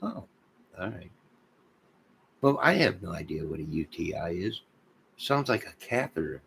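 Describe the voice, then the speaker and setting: A man with a low, gravelly voice rambles through a casual livestream chat, cracking deadpan jokes at his viewers. Faint noise hums under the recording. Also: measured pace, poor audio. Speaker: livestream host.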